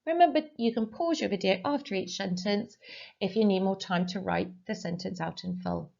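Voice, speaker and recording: Woman teaching Spanish, slow drills. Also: mid-range voice, a little mellow, muffled recording. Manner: slow, clearly modelled pronunciation for repetition. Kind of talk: recorded online language lesson.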